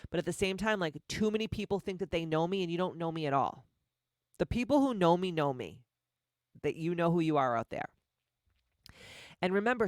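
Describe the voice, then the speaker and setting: A woman's voice: fairly low pitch, no echo, clean studio sound. Blunt, profane woman podcast host. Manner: slows down to stress key words. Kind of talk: motivational podcast monologue.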